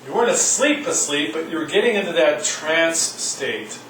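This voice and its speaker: A man's voice: a little high, lively intonation, normal speed, fairly bright tone, distant mic, slight background noise. Wry male lecturer in an echoey room. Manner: reads aloud and comments wryly. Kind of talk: classroom lecture.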